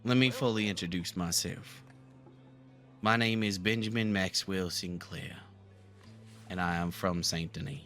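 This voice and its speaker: A man playing a talkative southern gentleman from the bayou, with a Southern twang, rambling earnestly through a live game roleplay. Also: low-pitched, unhurried, pauses often, soft background music. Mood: friendly.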